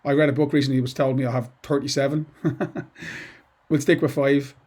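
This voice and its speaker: A man's voice: mid-range voice, flat delivery, normal speed, a little mellow. A middle-aged man teaching poetry to students in a chatty, digressive way, full of asides and restarts. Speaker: English teacher. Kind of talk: informal lesson to students.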